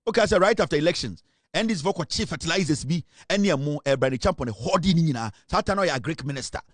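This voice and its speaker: A man with a Ghanaian accent delivers political commentary in an emphatic, dramatic way. His voice sits high for a man. The sound is dry and close, with no room around it. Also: lively intonation, fast talker, no echo. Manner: emphatic, dramatic, mixes Twi and English.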